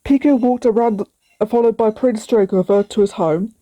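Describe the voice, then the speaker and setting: A woman's voice: fairly high pitch, normal speed, dark tone. A woman reading her own children's story aloud, plainly, with small slips. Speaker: storybook reader.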